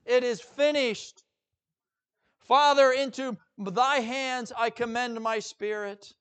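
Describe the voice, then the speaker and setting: A man's voice: extremely high pitch, steady tone, slow pace, fairly bright tone, clean tone, voice pushed up, exaggerated voice. A male preacher speaking as a dying man in the first person, with solemn declarations of surrender.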